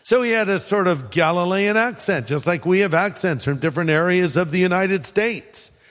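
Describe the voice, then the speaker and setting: High-voiced man preaching in an echoing hall. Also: animated, normal speed, a bit bright. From California. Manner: conversational preaching with dramatized quotes. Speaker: pastor. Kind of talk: sermon.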